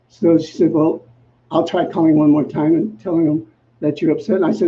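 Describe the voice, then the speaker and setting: A male minister telling a personal story in a sermon, acting out the dialogue in a lively, self-mocking way. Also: on the high side, moderate pace. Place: church sanctuary. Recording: muffled recording with faint background noise.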